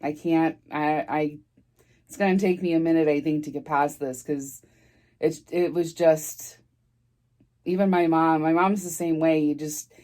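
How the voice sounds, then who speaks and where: A middle-aged woman with a low voice tells her story casually to camera. She rambles and restarts, sounding close to tears. It is a plain storytime vlog delivery. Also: steady tone, mellow. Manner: rambling, halting, emotional, restarts often. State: tearful, near crying. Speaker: vlogger.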